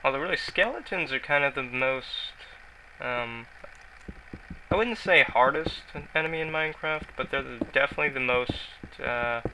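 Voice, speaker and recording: A man's voice: medium pitch, moderate pace, pushed and bright, a little hiss or hum, rough recording. A man giving rambling, self-mocking commentary while he plays a video game, often mumbling to himself. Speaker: gaming YouTuber. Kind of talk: casual Let's Play commentary.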